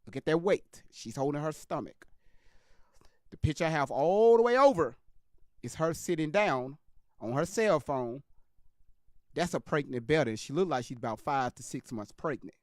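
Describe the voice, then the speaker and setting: A man's voice: on the high side, dry recording, studio quality. A man hosting a live stream, commenting on a clip with emphatic, repetitive direct address to his viewers.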